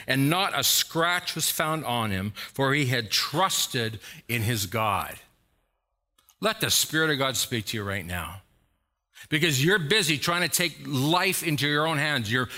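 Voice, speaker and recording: Bright animated preacher man. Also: mid-range voice, unhurried. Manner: dramatic storytelling, sudden loud exhortations. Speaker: pastor. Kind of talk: sermon.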